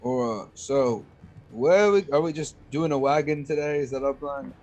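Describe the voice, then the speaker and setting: A man's voice: medium pitch, normal speed, darkish tone, highs cut off, soft background music. A young man playing a tabletop game online, chatting casually, swearing freely and laughing mid-sentence. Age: young adult.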